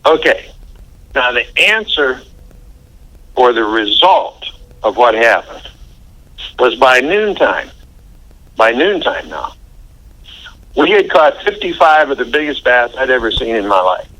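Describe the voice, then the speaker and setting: An older American man telling stories in a relaxed, folksy way during a casual interview, with plenty of fillers. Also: medium pitch, a little slow, pauses often, low-quality recording. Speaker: interview guest.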